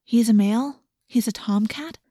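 Doleful teen girl, soft, cautious; woman reader. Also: on the high side, moderate pace, husky, no room sound, studio quality.

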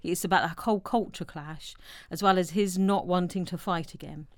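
A woman, co-hosting a casual film chat and retelling the plot with animated storytelling. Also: lowish voice, moderate pace, no echo, studio quality. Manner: animated storytelling, acts out quotes. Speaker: podcast co-host.

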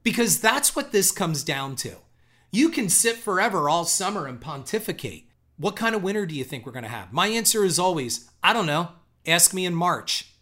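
A man's voice: high voice, very animated, brisk, bright, forceful tone. A man giving a ranting, profane commentary, sarcastic and scornful, hammering his points with repetition. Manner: emphatic, punchy repetition.

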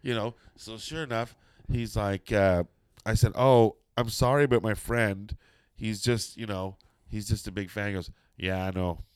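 Brief: middle-aged man, low smooth voice, dry close sound, swears freely while spinning a story. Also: normal speed, dry recording. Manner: profane, animated storytelling with quoted voices. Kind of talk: casual anecdote telling.

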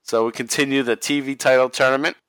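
A man's voice: mid-range voice, fairly even intonation, fast, a bit bright, clear, resonant tone, no room sound. A man with a Boston accent co-hosting a podcast, chatting casually about old wrestling tapes, laughing often and swearing freely. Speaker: podcast co-host. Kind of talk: casual chat watching wrestling.

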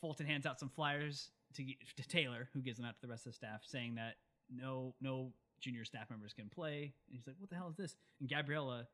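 Young man, podcast co-host, bright tone, animated casual recap, acts out lines. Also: medium pitch, brisk.

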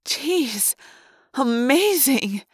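Excitable high-voiced young woman, as a reader puts her on. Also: very slow, exaggerated voice. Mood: awed. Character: awestruck young human woman.

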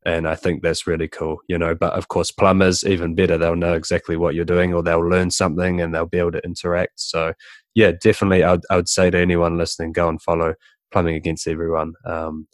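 A man's voice: low-pitched, level tone, fast talker, no room sound, studio quality. A man hosting a podcast, talking earnestly in casual chat and restarting his words often. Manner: earnest, repeats words when starting sentences. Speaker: podcast host. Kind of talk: casual interview chat and outro.

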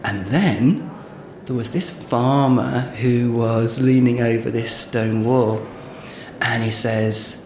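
A podcast co-host trades playful comedy banter and tells a long, drawn-out joke, chatty and giggly throughout. His voice is medium-pitched, steady, and a little mellow, recorded in an echoey room with faint noise.

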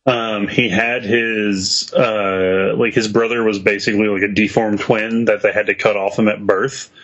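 A man co-hosting a podcast in casual chat over a home internet call, laid-back and quick to laugh. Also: lowish voice, flat delivery, fairly bright tone, highs cut off. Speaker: podcast co-host.

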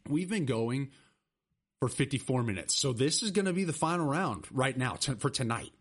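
A middle-aged man hosting a casual podcast chat, rambling and excitable. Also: mid-range voice, moderate pace, slightly rough. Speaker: podcast host.

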